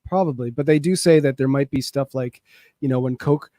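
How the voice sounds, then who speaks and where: A man's voice: mid-range voice, brisk, dark tone, no echo. A man co-hosting a casual podcast, bringing up news items and explaining them. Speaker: podcast co-host. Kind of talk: casual chat.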